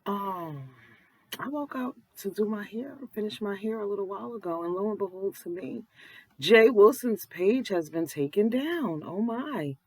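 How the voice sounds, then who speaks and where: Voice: mid-range voice, lively intonation, moderate pace, a little mellow, rough recording. A vlogger giving blunt, profane, preachy commentary in an early-morning voice, just out of bed. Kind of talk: casual commentary.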